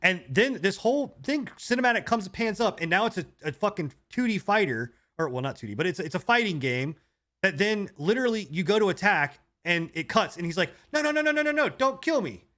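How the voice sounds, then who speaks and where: Gaming podcast guy going off on a long rant, swears a lot, voice sits a bit high. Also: fairly quick. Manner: rambling, animated ranting with swearing. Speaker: podcast co-host. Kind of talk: casual gaming podcast chat.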